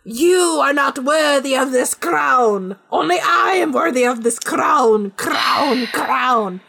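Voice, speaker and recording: A woman's voice: sits high, lively intonation, slow, gravelly, pushed and bright, heavily acted. A woman acting out a power-hungry male villain, declaring in a pompous, grandiose way while retelling a film scene.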